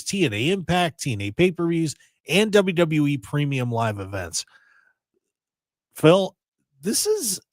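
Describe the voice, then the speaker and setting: Animated man hosting a radio show. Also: mid-range voice, dry recording, studio quality. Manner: animated, repeats words when starting sentences. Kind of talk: casual chat.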